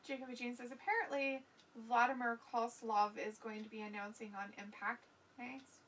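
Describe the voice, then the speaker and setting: A woman with a bright, fairly high voice co-hosts a relaxed live stream. She reads viewer comments aloud in a chatty way and laughs often. Her voice sits a little back from the microphone. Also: moderate pace, a little hiss or hum. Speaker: co-host of a wrestling watch-along stream. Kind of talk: casual live-stream chat. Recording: voice somewhat far from the mic.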